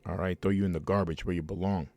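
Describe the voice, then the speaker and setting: A man with a very low voice preaches a heated sermon from home, breaking into fiery asides and frequent restarts between scripture readings. The sound is dry, with almost no room around him. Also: steady tone, fast, darkish tone, dry recording, soft background music.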